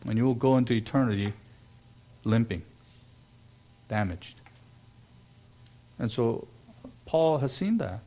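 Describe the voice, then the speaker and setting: A man's voice: medium pitch, expressive, slow, long pauses, dark tone. Earnest male preacher. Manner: earnest preaching, acts out quoted voices. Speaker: pastor. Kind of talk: sermon.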